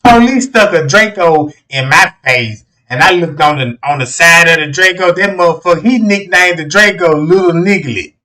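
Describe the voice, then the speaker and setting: A man's voice: fairly high pitch, moderate pace, few pauses, sharp tone, far from the mic. A man doing a rambling, profane livestream rant, repeatedly asking his listeners whether they know what he's talking about. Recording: roomy echo, speaking away from the mic.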